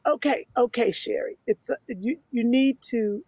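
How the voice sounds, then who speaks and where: A woman co-hosting a comedy podcast, protesting in a mock-prim, deliberate way. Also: fairly high pitch, darkish tone, slightly rough, no room sound. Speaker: podcast co-host. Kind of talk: comedic banter.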